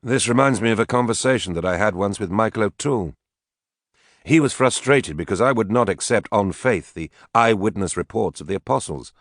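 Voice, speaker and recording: A man's voice: on the low side, dry recording, clean studio sound, pitched above the performer's own voice. A man playing a breezy, evasive scientist husband. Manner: breezy, offhand delivery.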